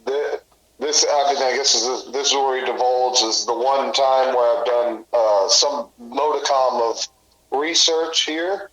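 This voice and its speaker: A man's voice: medium pitch, steady tone, unhurried, a bit bright. A man co-hosting a podcast who chimes in with short, joking remarks and crude humor. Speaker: podcast co-host. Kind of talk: casual podcast banter. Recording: echoey room.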